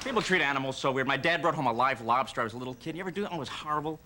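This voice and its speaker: A stand-up comedian, a man, telling jokes on a TV stage in a dry, deadpan way that breaks into shrill yelps when he acts out scenes. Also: rapid-fire, crowd noise. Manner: deadpan delivery with sudden shrill outbursts when acting out scenes. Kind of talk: stand-up routine. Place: TV studio stage before a live audience. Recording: noisy TV studio audio.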